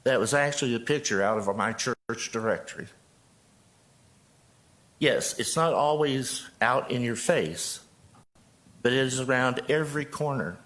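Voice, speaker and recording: During public comment in the city council chamber, an older pastor from Joplin, Missouri reads a prepared statement at the podium microphone. He sounds earnest and measured, his voice mid-pitched and steady.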